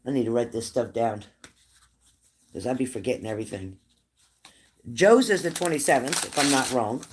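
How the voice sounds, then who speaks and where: A man's voice: medium pitch, animated, normal speed, breathy edge. A middle-aged man hosting a casual livestream, chatting with viewers, teasing them and repeating his questions. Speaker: livestream host. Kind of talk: casual livestream chat reading viewer comments.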